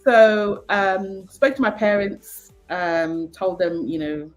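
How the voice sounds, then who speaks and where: A woman from Jamaica with a Jamaican accent, a guest telling stories in a casual, animated chat, laughing often and using many fillers. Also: medium pitch, slow pace, soft background music.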